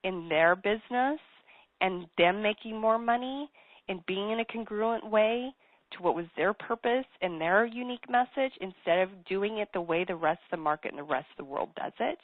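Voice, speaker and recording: A woman's voice: medium pitch, lively intonation, normal speed, no room sound. A woman guest, a business coach, tells her story in an interview in an earnest, emphatic way and repeats key phrases. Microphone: telephone. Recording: tinny phone line, dry.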